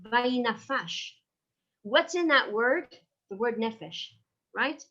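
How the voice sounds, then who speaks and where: A woman teaches a class in a high, animated voice that swoops up and down as she drives her points home. She keeps checking in with her listeners with rhetorical questions and slips Hebrew terms into her English. Her tone is bright and forceful, heard through dull, lo-fi online-class audio. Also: takes it slowly. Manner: engaging, asks rhetorical questions with frequent "right?". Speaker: teacher of a Jewish ethics class. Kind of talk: lively lecture.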